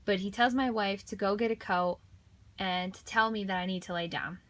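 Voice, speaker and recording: A woman voicing a deaf man's signed story aloud in first person, halting, with frequent restarts and repeated words. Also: mid-range voice. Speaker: voice-over interpreter for a deaf man.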